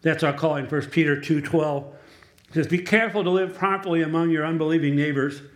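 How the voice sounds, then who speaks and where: A man's voice: on the high side, fairly quick, echoey room. A male pastor preaching a sermon in a church, telling stories in a conversational way and asking the congregation for amens. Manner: conversational storytelling, asks the room for amens. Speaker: pastor and chaplain.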